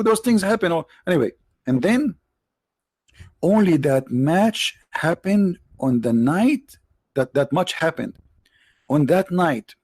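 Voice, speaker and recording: Guy hosting a live religious stream, sarcastic and rambly, dry close mic, mid pitch. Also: vocal fry, a little mellow, no room sound. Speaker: online show host.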